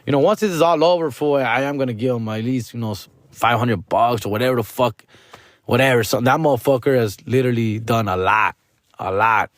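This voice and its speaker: A young comedian hosting his podcast, letting off steam in a loose, slangy rant peppered with swearing and bits of Spanish. His voice sits at an ordinary middle pitch. The sound is dry and close, with no room echo. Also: a little fast. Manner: slangy, profane, mixes Spanish into his English; frustrated, venting.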